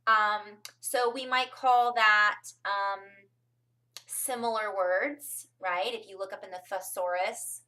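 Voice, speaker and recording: A woman's voice: mid-range voice, bright, forceful tone, recorded from a distance. A woman from California rambling through a casual spiritual talk to her viewers, with frequent ums and asides. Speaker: spiritual vlogger.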